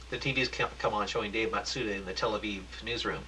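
Halting man reading a radio play. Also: lowish voice, steady tone, pushed and bright, slight background noise. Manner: halting, frequent restarts. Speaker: narrator.

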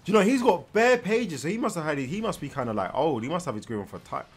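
A young man giving casual, animated reaction commentary while watching, tired and yawning, with slangy asides and frequent repeated words. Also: on the high side, fast, husky, soft background music. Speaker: anime reaction host. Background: faint anime soundtrack.

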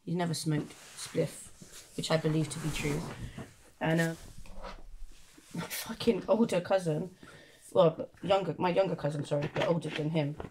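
A woman, a singer who is a guest on a podcast, telling a story in an animated way, swearing and laughing in casual chat. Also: sits low, moderate pace, pauses often, noisy background.

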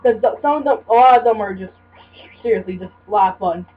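A woman's voice: medium pitch, quick pace. A young woman giving rambling, casual commentary while playing a video game, full of fillers and restarts. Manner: rambling, filler-heavy chatter. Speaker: let's play gamer. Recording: dull lo-fi audio with faint hiss.

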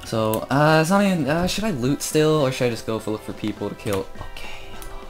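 A sixteen-year-old boy chatting casually through his own gameplay, joking about himself and growing loud and excited when he fights. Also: medium pitch, quick pace, soft background music. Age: teens. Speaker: gamer commentating his own play.

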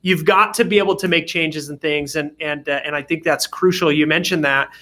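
Male podcast host, high bright voice, measured and affirming. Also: steady tone. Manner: measured, affirming, asks follow-ups. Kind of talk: interview hosting.

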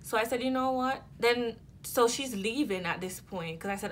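Woman vlogger, casual storytime, mid-pitched, rambling with fillers, faint rumble under the voice. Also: brisk, hardly any pauses. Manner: animated, rambling, with many fillers and restarts.

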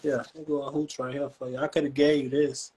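A man's voice: mid-range voice, level tone, fairly quick. A young man from Chicago with a Chicago accent, ranting and taunting in casual livestream talk full of street slang. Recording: faint background noise.

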